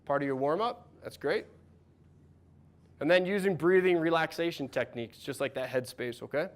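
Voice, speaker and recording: Man in his thirties, coach leading a workshop, upbeat and encouraging, slightly higher voice. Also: moderate pace. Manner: energetic, encouraging, asks the room questions. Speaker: mental performance coach. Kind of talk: workshop talk to a live audience.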